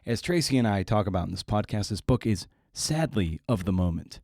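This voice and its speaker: A low-voiced man hosting a podcast and riffing through the intro with salty, sardonic asides. His voice sits close and dry on the mic, with no room around it. He talks loosely and bluntly. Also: expressive, fairly quick, darkish tone, dry recording. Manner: irreverent and profane, with wry asides. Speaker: podcast host. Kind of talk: casual monologue introducing a guest.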